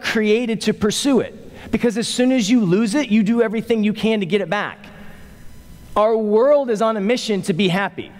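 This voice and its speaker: A man preaching a sermon as pastor, animated, with loose conversational fillers, rising for emphasis and dropping low to slow down. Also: long reverb tail. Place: church sanctuary.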